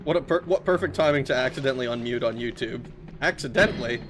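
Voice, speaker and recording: Over game music, a male streamer offers casual gameplay commentary, bantering with his viewers and laughing a lot. He talks quickly in a mid-range voice against a noisy background.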